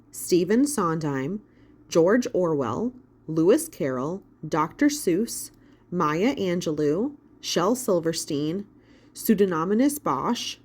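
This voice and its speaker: A woman narrating a children's audiobook in an expressive, storytelling manner. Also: fairly low pitch, husky. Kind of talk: scripted narration.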